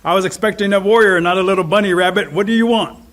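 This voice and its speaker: A man voicing Flint, a huge male stone giant who loves to eat and talks gruffly. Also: high-pitched, fast talker, a bit bright. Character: giant male stone being, mountain-tall, greedy eater.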